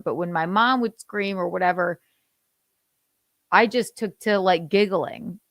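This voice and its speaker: A woman in her thirties hosting a casual livestream chat, animated and laughing, swearing freely and acting out how she yells. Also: fairly low pitch, no room sound, clean studio sound. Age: 30s. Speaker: host.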